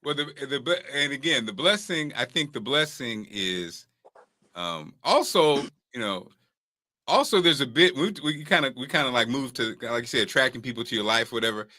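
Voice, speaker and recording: A man hosting a casual talk show, telling stories in an animated way and often laughing through his points. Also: mid-range voice, moderate pace, dry recording. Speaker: podcast host. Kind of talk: casual chat.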